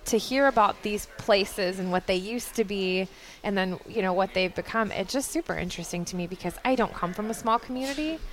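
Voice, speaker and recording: A woman's voice: mid-range voice, brisk, a little hiss or hum. A woman co-hosting a casual chat, upbeat and teasing. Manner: upbeat, teasing, laughs often. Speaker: podcast co-host.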